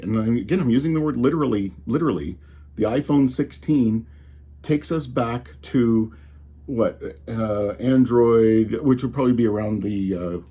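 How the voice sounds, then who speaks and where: A man's voice: lowish voice, mellow, slightly rough. A man with a slight Colorado drawl, ranting casually and with exasperation about tech, often restarting his sentences. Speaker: tech commentator.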